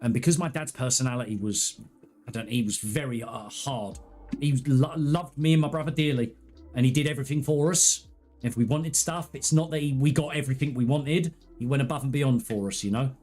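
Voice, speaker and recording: Faint music sits behind a gaming streamer as he talks quickly and casually to his viewers. His mid-pitched voice has a darkish tone, and he rambles candidly and earnestly through personal stories, restarting and adding asides.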